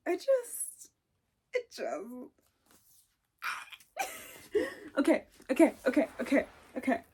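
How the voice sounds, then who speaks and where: A young woman chatting excitedly in a casual vlog, gushing, gasping and dropping into whispers. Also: fairly high pitch. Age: young adult. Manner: gushing, excitable, repeats herself, gasps and whispers. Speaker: booktuber.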